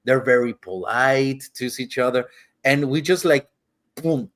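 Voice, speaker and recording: This man's mid-range voice is a bit bright, and he keeps a measured pace as he co-hosts a podcast. Chatting casually, he meanders through a travel tale, cursing freely and performing each quote in changing voices.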